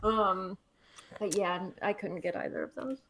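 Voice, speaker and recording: A woman guest in a casual interview, speaking fast and bubbly with self-deprecating jokes over a video call. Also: medium pitch, vocal fry, fairly bright tone, a little hiss or hum. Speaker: guest, literacy nonprofit leader.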